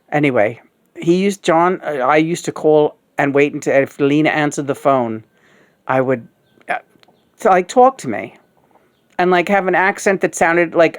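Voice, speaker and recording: A woman in her sixties, a host of a puppet show, talking in a frank, rambling, casual way, full of fillers and swearing. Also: low voice. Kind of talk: casual candid conversation.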